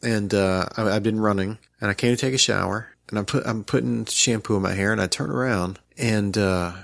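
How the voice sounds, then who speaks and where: A man's voice: lowish voice, fairly quick, creaky, a bit bright, no room sound, clean studio sound. A young adult man co-hosting a podcast, telling a story in a joking, casual way. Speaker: podcast co-host. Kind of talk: casual chat.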